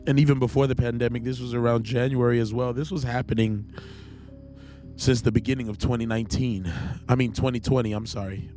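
A man host sharing an emotional personal testimony, talking in a halting, earnest and raw way. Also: medium pitch, fairly even intonation, warm tone, soft background music.

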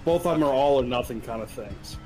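A man's voice: medium pitch, a little fast, warm tone, faint music behind, rough recording. A man playing a tabletop role-playing game, explaining things briefly and matter-of-factly. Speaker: player. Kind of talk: casual tabletop play.

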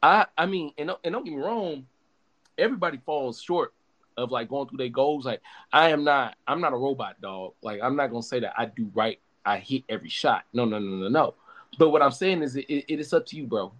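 Animated, profane young man on a podcast. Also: mid-range voice, a little fast. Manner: animated, profane, emphatic with many restarts. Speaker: podcast host. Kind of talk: casual chat.

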